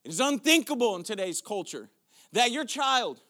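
Male pastor, high bright voice, preaches with rising intensity into shouted declarations. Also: sing-song, moderate pace. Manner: preaching, building from quiet questions to shouted declarations. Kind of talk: sermon.

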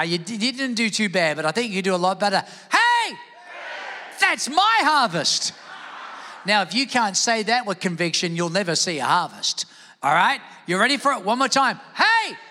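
A man preaching a lively sermon to his church, calling on the congregation to shout back. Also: high-pitched, in a large hall, slight background noise. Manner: energetic preaching, calls on the crowd to shout back. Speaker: pastor. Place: large church service.

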